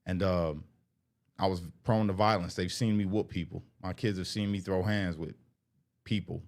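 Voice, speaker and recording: A man's voice: sits low, fairly even intonation, normal speed, darkish tone. A man talks candidly to camera in an earnest, heartfelt way, often repeating himself. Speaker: vlogger.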